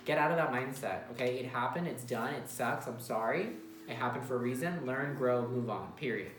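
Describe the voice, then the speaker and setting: A man's voice: mid-range voice, a little fast, background noise. A man giving a casual tarot reading, talking bluntly and emphatically with some swearing. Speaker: tarot reader. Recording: roomy echo with faint music.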